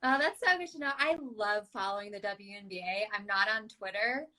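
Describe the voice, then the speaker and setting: A woman's voice: medium pitch, a little fast, sharp tone, rough recording. A woman ultrarunner talking as a guest on a podcast, in an easygoing, chatty way full of casual fillers. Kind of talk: casual interview chat.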